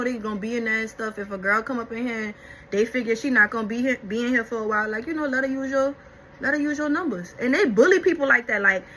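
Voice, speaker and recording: A young adult woman vlogger telling a story-time in casual, animated chat, talking straight to her viewers. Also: fairly high pitch, slight background noise, poor audio. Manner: animated, chatty, addresses viewers as y'all.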